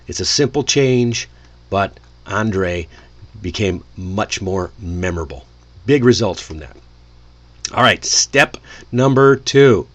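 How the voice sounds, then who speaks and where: A man teaching English in a lively, friendly way, often chuckling to himself. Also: on the low side, takes it slowly. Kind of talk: casual lesson delivery.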